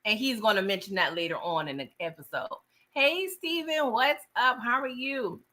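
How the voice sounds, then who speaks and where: A woman's voice: medium pitch, animated, a little fast, pushed and bright. A young woman chatting casually through a TV episode recap on a livestream, laughing and greeting viewers by name. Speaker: TV show recap host.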